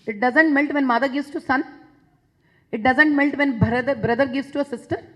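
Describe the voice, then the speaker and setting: Emphatic husky Indian woman speaker. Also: high voice, moderate pace, fairly bright tone, low-quality recording. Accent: Indian English. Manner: emphatic, repeats phrases for force. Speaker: public speaker addressing a session. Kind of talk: impassioned public talk.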